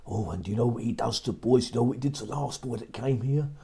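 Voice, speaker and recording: A man voicing a fussy, kindly giant's wife in a children's story, brisk and scolding, sometimes hushed. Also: mid-range voice, lightly acted. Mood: fussing. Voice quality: husky. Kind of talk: storybook reading.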